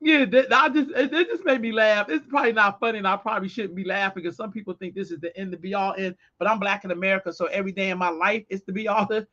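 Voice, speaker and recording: A woman's voice: medium pitch, fast, few pauses, fairly bright tone, lo-fi sound. A woman co-hosting a podcast in casual chat, talking bluntly and emphatically with plenty of profanity. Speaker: podcast co-host.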